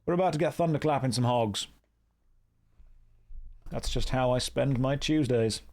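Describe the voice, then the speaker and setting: A man's voice: medium pitch, moderate pace, darkish tone. A young man from the American Midwest streaming a game, reading out chat and answering it in a dry, playful way. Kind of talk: casual live-stream commentary.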